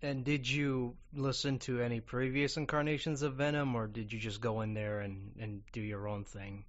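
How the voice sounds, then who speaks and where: A man hosting a podcast, asking questions in a casual interview, often halting and restarting. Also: medium pitch, little pitch movement, lo-fi sound. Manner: fast, loud opening, then halting questions. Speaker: podcast host.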